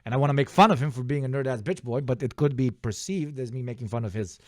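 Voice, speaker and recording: A man's voice: mid-range voice, fast talker, no echo, clean studio sound. A man from the Balkans, a streamer reacting to a clip, rambling with profane, self-deprecating asides to his chat. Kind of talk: casual livestream commentary.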